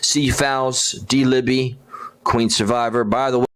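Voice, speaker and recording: A man hosting a casual livestream, rambling and gushing with halting restarts as he talks to his viewers. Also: medium pitch, level tone, fairly bright tone, clear, resonant tone. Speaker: livestream host.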